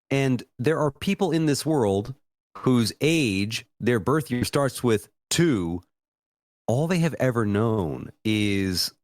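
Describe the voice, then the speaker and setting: An American man in his thirties, casually chatting on a podcast, swearing freely and mocking himself as he rambles. His pitch rises and falls a great deal as he talks, and his voice comes across dry and close, with no room sound. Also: dry recording. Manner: profane, self-deprecating, rambling. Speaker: podcast co-host.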